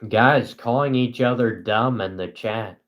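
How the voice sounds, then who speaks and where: A young man hosting a casual live stream, talking to his chat in a flat, dry, self-mocking monotone. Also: mid-range voice, measured pace.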